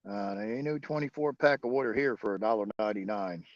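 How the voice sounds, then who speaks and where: A man's voice: on the low side, fast talker, no room sound, dull audio. A man hosting a livestream, chatting casually and profanely with viewers and chuckling often. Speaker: livestream host.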